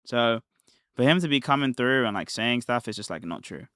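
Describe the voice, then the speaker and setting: A man's voice: medium pitch, lively intonation, normal speed, fairly bright tone, no echo, studio quality. A man streaming live, commenting on a replay of his own debate in a casual, mocking, slang-heavy way and laughing often.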